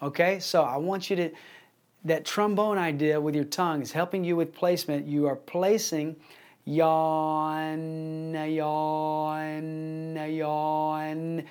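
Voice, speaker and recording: A man teaching a vocal placement lesson, talking through exercises and singing example words for the class to copy. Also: fairly high pitch. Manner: slow, demonstrative, sings example words.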